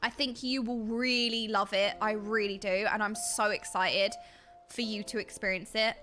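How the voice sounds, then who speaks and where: A British woman streaming and chatting casually with her viewers, bubbly and excitable, with a slightly dry throat, talking into a desk mic. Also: mid-range voice, normal speed, soft background music. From Britain. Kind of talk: casual chat with live stream chat.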